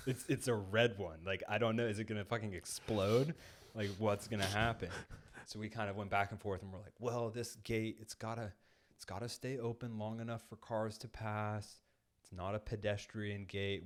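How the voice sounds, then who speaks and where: A man co-hosting a podcast, telling a long casual story in a studio, full of "like" and acted-out quotes. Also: on the low side. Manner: rambling, heavy use of "like", acts out quoted lines. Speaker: podcast co-host. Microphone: studio microphone.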